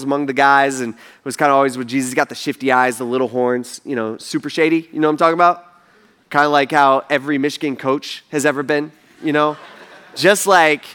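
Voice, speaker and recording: A man delivers a sermon in a relaxed, conversational way, slipping into acted-out lines as he retells the story. His voice sits a little on the high side for a man. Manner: casual, animated storytelling with acted quotes. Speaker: pastor.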